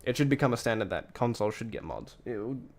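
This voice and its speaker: A man's voice: mid-range voice, animated, quick pace. A tired man streaming and reacting to a clip, rambling and blunt in casual commentary, cursing freely.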